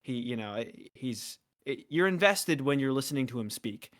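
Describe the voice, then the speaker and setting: A talkative man in casual conversation, his voice sitting at an ordinary middle pitch. He speaks at length and circles back on himself with fillers and restarts, like someone who talks easily for a living. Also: lively intonation, moderate pace. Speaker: esports caster. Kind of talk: casual chat.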